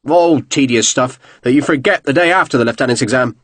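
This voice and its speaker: A man's voice: medium pitch, brisk, fairly bright tone, no echo, natural voice. A man voicing a tall, fair-haired naval captain with a Devonshire accent, friendly and wry.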